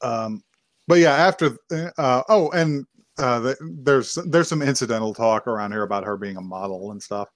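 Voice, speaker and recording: A man's voice: medium pitch, moderate pace, no echo. A man co-hosting a podcast, casually and profanely retelling an anime episode, slipping into characters' lines as he goes. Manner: loose and profane, acts out characters' lines mid-story. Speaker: podcast co-host. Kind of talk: casual chat recapping an anime.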